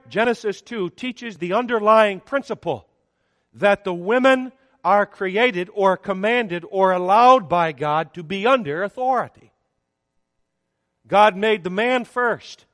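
A man delivers a sermon in a high, lifted voice. His preaching is measured and emphatic, rising and falling on the words that matter. The sound is close and dry, yet a long reverb hangs in the church hall.

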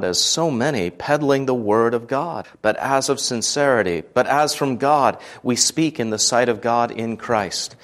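Earnest man reading a devotional. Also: mid-range voice. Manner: measured and earnest, lifting the voice for quoted speech. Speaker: devotional reader.

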